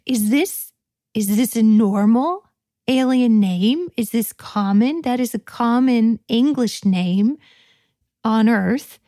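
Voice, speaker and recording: A woman giving a guided reflective talk, speaking softly and playfully, often dropping to a whisper. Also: on the high side, no echo, studio quality. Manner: soft, playful, often drops to a whisper and laughs.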